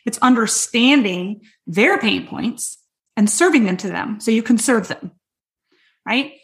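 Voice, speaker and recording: Loud, hypey high-voiced woman coach. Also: lively intonation. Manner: quick, emphatic, addresses listeners directly. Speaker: sales coach. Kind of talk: energetic teaching talk.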